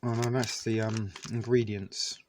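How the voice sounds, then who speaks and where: A man's voice: lowish voice, little pitch movement, a little slow, darkish tone, slight background noise. A man casually reviewing food on camera, chatty and self-deprecating, sometimes talking with his mouth full. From Canada. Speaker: vlogger reviewing military rations.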